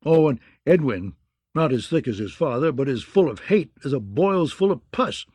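A man voicing a gruff, bawdy, blustering male knight in an audiobook, with a mocking, growling manner. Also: medium pitch, lively intonation, normal speed, a little mellow, dry recording. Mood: grumbling. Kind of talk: audiobook character voice.

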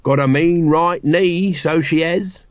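A man's voice: a little high, takes it slowly, no echo, voice pushed up. A man putting on a crude, cheeky little watchman. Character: scheming little male city watchman, crude. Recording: slightly muffled dry recording.

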